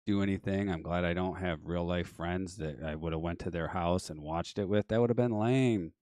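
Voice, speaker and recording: A man in his forties hosting a live stream, teasing his caller in a deadpan way. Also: low-pitched, normal speed, dry recording, studio quality. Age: 40s. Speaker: streamer host. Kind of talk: casual chat.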